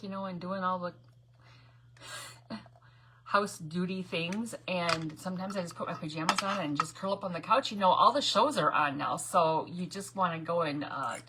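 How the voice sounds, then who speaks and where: A woman hosting a casual crafting livestream from her home craft room, rambling and greeting viewers by name, with hushed asides. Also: lowish voice, background noise. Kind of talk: casual live crafting chat.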